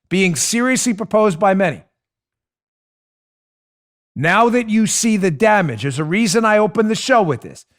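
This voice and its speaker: A man hosting a political talk show, delivering an emphatic monologue straight to his listeners, dropping low and quiet and then building up loud. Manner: emphatic, swings between hushed and raised; addresses listeners directly.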